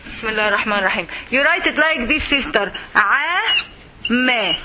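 A woman teaching a Quran recitation class, slow and patient, repeating words for her students to echo. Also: on the high side, expressive, noisy background.

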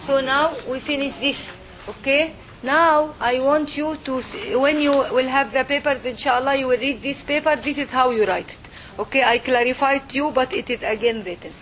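A woman with a high, somewhat bright voice talks at normal speed, with a little hiss or hum on the recording. As a language teacher in front of a group of students, she patiently models sounds and checks in with "okay?".

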